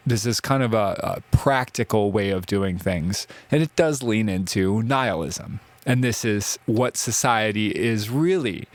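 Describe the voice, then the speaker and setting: A man's voice: medium pitch, dry recording. A man giving a casual classroom ethics lecture, chatty and conversational, often checking in with "right?". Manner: chatty, conversational, uses filler words like "right?" and "like".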